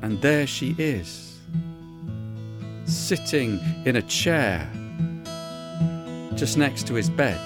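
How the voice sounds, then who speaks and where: A man's voice: mid-range voice, very animated, extremely slow, pauses often, over loud music. A man telling a folk tale in an earnest, conversational way with folksy asides. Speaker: storyteller. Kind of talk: oral storytelling.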